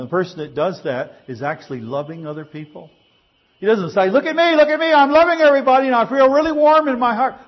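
A man's voice: on the high side, slightly rough, lo-fi sound. A male pastor preaching a sermon in a conversational way, asking his congregation rhetorical questions.

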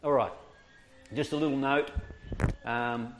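A man's voice: mid-range voice, fairly even intonation, slow, noisy background. Guy preaching to a room, jokes around and chuckles a lot, takes his time. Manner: jokey, chuckles often, acts out quoted voices. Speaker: preacher training children's ministry workers. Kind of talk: humorous teaching talk to an audience.

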